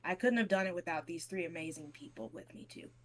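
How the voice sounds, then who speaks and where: A woman's voice: fairly low pitch, fast, a bit bright, slight background noise. A woman chatting casually as a player in a tabletop game. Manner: casual, laughing easily.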